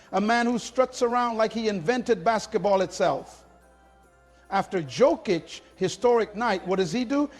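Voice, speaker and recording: A man giving dramatic, indignant scripted narration for a sports channel, with punchy lines. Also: sits high.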